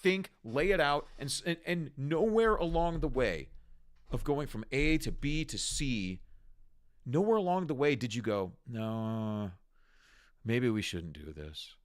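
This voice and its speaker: Cursing his way through commentary on clips, a male host sounds exasperated and mocking, with a sing-song delivery at normal speed. His pitch varies widely, leaping high as he gets worked up and dropping low in scorn.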